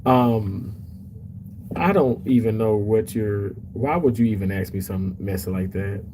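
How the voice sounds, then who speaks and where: A man's voice: on the low side, a little slow, dark tone, a little hiss or hum, rough recording. A man hosting a casual livestream, chatty and emotional as he reads comments aloud. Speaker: livestream host reading chat.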